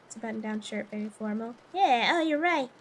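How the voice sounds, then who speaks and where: A woman's voice: on the high side, animated, brisk, fairly bright tone. A young woman streamer chatting casually with viewers, playful and flustered, laughing often.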